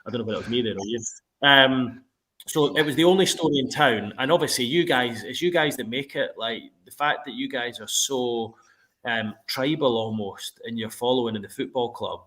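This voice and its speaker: A man with a voice of ordinary middle pitch talks through a long story in a relaxed conversation. He is a sports reporter, and he acts out his own past words as quotes while he tells it. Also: a little fast. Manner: animated storytelling, quoting himself. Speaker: football reporter. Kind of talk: casual interview chat.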